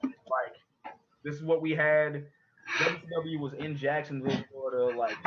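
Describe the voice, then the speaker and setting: A young man swears his way through a rambling story, breaking into laughs along the way. His voice sits a little high for a man. The podcast audio sounds dull and lo-fi. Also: slight background noise. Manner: profane, rambling storyteller who laughs at his own stories. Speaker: podcast co-host. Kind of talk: casual chat.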